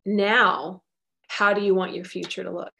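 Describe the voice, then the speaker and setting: Earnest woman with a gravelly edge. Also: medium pitch, little pitch movement, measured pace, sharp tone. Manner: earnest, encouraging, repeats key phrases. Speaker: guest speaker on soul care. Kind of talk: faith teaching with Q&A.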